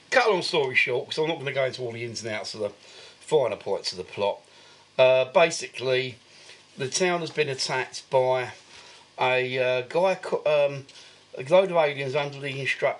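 A man co-hosting a podcast, giving a rambling, filler-heavy recap of a film in casual chat. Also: medium pitch. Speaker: podcast co-host.

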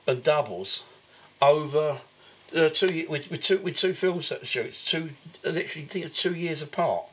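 A man's voice: fairly high pitch, slightly rough. A man co-hosting a podcast, giving a rambling, filler-heavy recap of a film in casual chat. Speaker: podcast co-host.

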